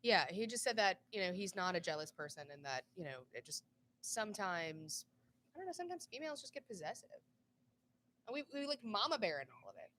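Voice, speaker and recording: A woman's voice: mid-range voice, big pitch swings, a little fast, fairly bright tone, slight background noise. A woman co-hosting a casual podcast chat, blunt and joking, swearing freely.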